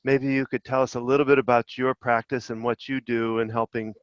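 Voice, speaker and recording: A male podcast host asking questions in a soft-spoken, hesitant way. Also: medium pitch, flat delivery, a little fast, smooth, no room sound. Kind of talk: interview. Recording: dry, dull lo-fi audio.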